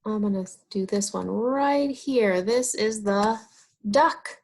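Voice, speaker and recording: A woman teaching young children, asking questions about farm animals and answering them in a drawn-out, encouraging way. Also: medium pitch, a little mellow. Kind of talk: slow, sing-song teaching of young children.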